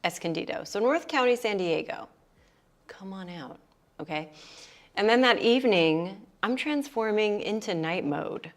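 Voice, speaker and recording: A young woman hosting a yoga livestream and chatting with viewers, bubbly and excitable, dropping to quiet asides. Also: medium pitch, a little slow. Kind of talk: casual chat greeting viewers. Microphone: livestream mic.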